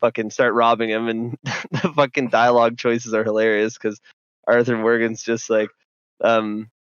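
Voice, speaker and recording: A man's voice: medium pitch, level tone, moderate pace, smooth, dry recording. A man on a casual gaming podcast tells a long anecdote, full of fillers and swearing. His voice sits mid-range. The recording is a bit dull and very dry. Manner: rambling, profane storytelling with many fillers. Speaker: podcast co-host. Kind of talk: casual chat about video games.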